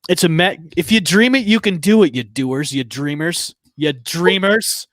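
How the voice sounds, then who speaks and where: A man hosting a sports podcast in casual chat, excitable and rambling with stammered restarts. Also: on the high side, moderate pace, dry recording. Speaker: podcast host.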